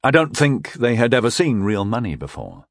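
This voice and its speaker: Male narrator, wry first-person storyteller, expressive pitch, dry booth sound. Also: normal speed, dry recording. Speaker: audiobook narrator.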